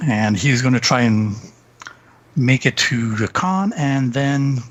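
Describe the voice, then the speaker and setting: A man's voice: mid-range voice, animated, slow pace, muffled recording. A Canadian man co-hosting a podcast in casual chat, hesitant with frequent ums and uhs, chuckling as he talks. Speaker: podcast co-host.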